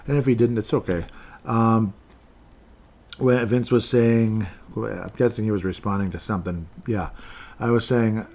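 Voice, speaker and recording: A man with a somewhat low voice hosts a casual solo podcast. He rambles from one thought to the next, muttering to himself and chuckling as he reads out listener comments. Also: fairly even intonation, unhurried, long pauses, darkish tone. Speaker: podcast host.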